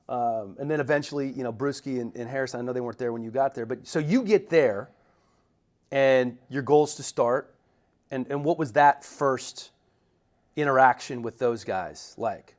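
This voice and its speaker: A man's voice: medium pitch, normal speed. Chatty male podcast host asking questions. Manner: chatty, affirming, asks long winding questions. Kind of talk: casual interview questions.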